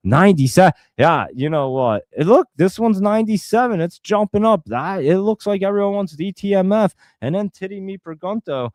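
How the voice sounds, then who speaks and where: A young man talks casually to his viewers, rambling and thinking out loud as he goes. His voice sits a little high for a man. The sound is dry and close, with no room echo. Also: animated, a little fast, hardly any pauses. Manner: rambling, thinks aloud, addresses viewers as guys. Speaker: host. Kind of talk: casual livestream chat.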